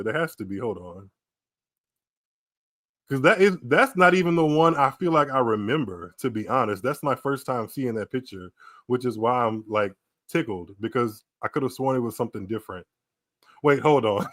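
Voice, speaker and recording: A man's voice: medium pitch, no echo, studio quality. An American man hosting a tennis podcast, reacting to pictures on a live stream with frequent laughter and exclamations. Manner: laughing often, animated reactions, slow drawn-out delivery. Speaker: podcast host. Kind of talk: casual live-stream commentary. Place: small room at home, streaming.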